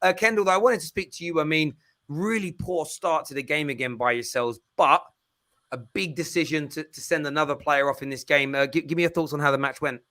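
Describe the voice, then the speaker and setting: A man's voice: fairly high pitch, a little fast, sharp tone, dry recording, studio quality. A man with a Cockney accent hosting a football talk show, joking and bantering with callers. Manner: jokey, bantering, self-deprecating. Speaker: host.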